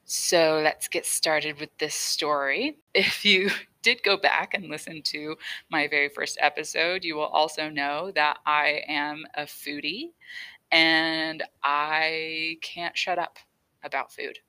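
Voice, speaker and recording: Young woman chatting on her podcast, low voice, kinda slow, laughs a lot. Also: steady tone, sharp tone, clean tone, poor audio. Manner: chatty, self-deprecating, laughs often. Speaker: podcast host. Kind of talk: casual solo podcast talk.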